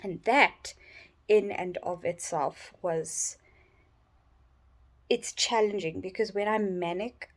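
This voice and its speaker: In a personal vlog filmed in her bedroom, a tired, sleep-deprived woman rambles, yawning and halting as she restarts again and again. Her voice sits in the mid range.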